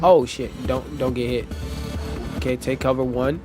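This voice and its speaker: A man's voice: medium pitch, steady tone, moderate pace, over music. A man streaming a video game, swearing freely and reading the game's dialogue aloud in playful voices. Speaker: gaming streamer. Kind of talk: casual gameplay commentary.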